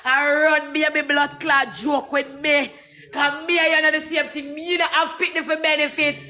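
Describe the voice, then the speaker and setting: High-voiced Jamaican man ranting and shouting. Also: flat delivery. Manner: heated, shouting, cursing, rapid patois. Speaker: social media personality. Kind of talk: angry profane rant.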